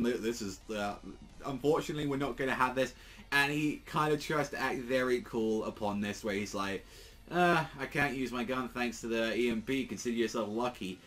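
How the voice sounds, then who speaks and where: A man reviewing a manga chapter in a loose, rambling way, full of fillers and swearing, briefly acting out characters' lines as he retells the scenes. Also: medium pitch. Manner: rambling, lots of fillers and swearing, acts out quotes in passing.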